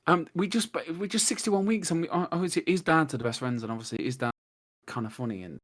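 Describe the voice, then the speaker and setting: An English man chatting as a podcast guest, rambling excitedly through stories, swearing and laughing, on a cheap microphone over a video call. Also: fairly high pitch, fast talker. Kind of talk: casual chat. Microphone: cheap desktop mic on a video call.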